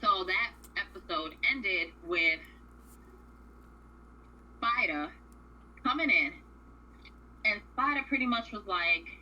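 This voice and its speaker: A woman's voice: mid-range voice, animated, slow pace, long pauses, bright, forceful tone, dull audio, a little hiss or hum. A woman co-hosting a radio show, casually recapping a reality series in a blunt, profane, opinionated way.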